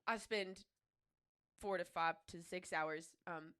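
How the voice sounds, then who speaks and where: Earnest young woman, halting chat. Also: lowish voice, steady tone, a bit bright, clear, resonant tone. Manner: earnest, halting, restarts her sentences. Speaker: podcast co-host. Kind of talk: casual chat.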